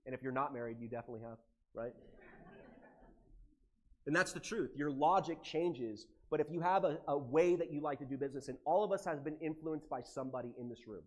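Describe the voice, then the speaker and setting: An American man with a somewhat high voice gives a live seminar talk to a room full of people. He speaks in an animated, emotional way and swears casually as he goes. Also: a little fast. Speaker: conference speaker. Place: conference room with audience.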